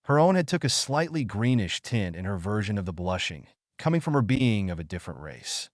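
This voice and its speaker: A man narrating a fan fiction story with an expressive reading. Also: fairly low pitch, brisk, no room sound, studio quality.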